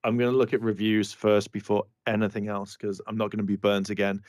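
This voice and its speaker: A man's voice: fairly low pitch, flat delivery, brisk, hardly any pauses, a little mellow, no echo, clean studio sound. A man co-hosting a casual fan livestream with wry, grumbling humor. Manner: wry, self-deprecating grumbling.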